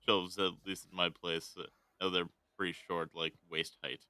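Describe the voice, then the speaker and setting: A man's voice: low-pitched, little pitch movement, normal speed, bright, forceful tone, clean tone, no room sound. A man co-hosting a podcast in casual chat, laid-back and wry, talking into a phone. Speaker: podcast co-host.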